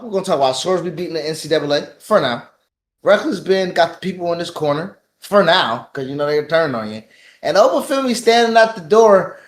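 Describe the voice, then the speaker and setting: A man co-hosting a podcast in casual chat, emphatic and hyped, repeating his catchphrases. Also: high voice. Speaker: podcast co-host.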